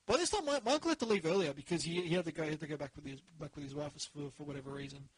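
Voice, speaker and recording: Casting: Australian man, podcast host, slightly high, husky, dry close mic, rambling storyteller. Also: very fast, no room sound, rough recording. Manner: rambling storyteller, many restarts. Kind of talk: casual chat.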